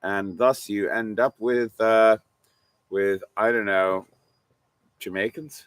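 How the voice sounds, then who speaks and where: A man's voice: lowish voice, steady tone, slow pace, clear, resonant tone, no room sound. A man hosting a live bar show as a singing bard, joking and bantering in a bawdy, playful way between songs. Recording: loud guitar music behind. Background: loud guitar music.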